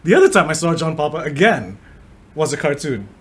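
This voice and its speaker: A man's voice: a little high, big pitch swings, brisk. Laid-back, swearing podcast co-host man. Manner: laid-back, swears often, laughs a lot. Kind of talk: casual chat.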